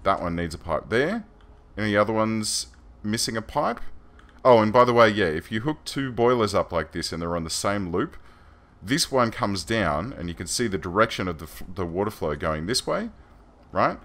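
A man's voice: fairly low pitch, big pitch swings, normal speed, fairly bright tone. An Australian man giving chatty, rambling gameplay commentary as a let's play host, self-deprecating and loose.

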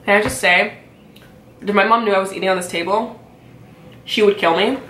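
A woman's voice: mid-range voice, steady tone, moderate pace, fairly bright tone, a little hiss or hum. A young woman vlogging a casual mukbang, ranting in a chatty, exasperated way full of fillers while eating and chewing at her table at home. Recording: echoey room.

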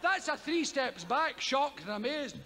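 A Scottish man performing stand-up comedy in a boisterous manner, swearing, shouting his punchlines and acting out voices. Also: very high voice, big pitch swings, measured pace, big-room sound, slight background noise. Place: live comedy stage.

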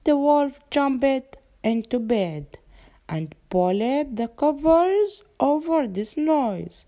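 Very slow, halting young woman reader. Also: high voice, expressive, dark tone. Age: young adult. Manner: halting reading with frequent restarts. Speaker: student reading a story. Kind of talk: read-aloud storytelling.

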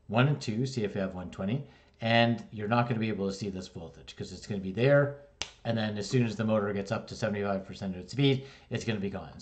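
A man from Canada with a somewhat low voice teaches a hands-on electrical lesson. He talks conversationally and explains step by step, tossing in quick "right?" and "okay?" checks. He sounds middle-aged and relaxed in front of his students. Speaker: electrical instructor. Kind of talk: casual classroom lesson.

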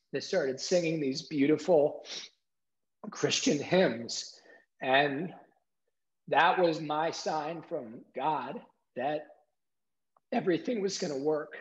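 A middle-aged man telling an emotional story as an interview guest, animated, acting out quotes and using many "like" fillers. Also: a little high, slow, pauses often. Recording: dull lo-fi sound.

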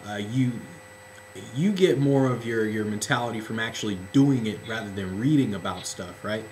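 A man asking casual interview questions in a relaxed way, with plenty of fillers. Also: on the low side, moderate pace, a little hiss or hum, low-quality recording. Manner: relaxed, with many fillers and restarts.

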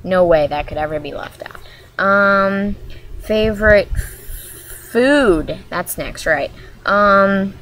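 A woman's voice: mid-range voice, slow pace, pauses often, fairly bright tone, slight background noise. A woman from Maryland chatting casually in a vlog, talking in a hyper, rambling way that jumps from topic to topic. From Maryland, USA. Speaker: vlogger.

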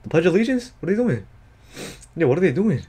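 A man hosting an anime reaction video, talking in excitable, slangy and profane casual commentary full of exclamations. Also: fairly high pitch, fast talker, husky.

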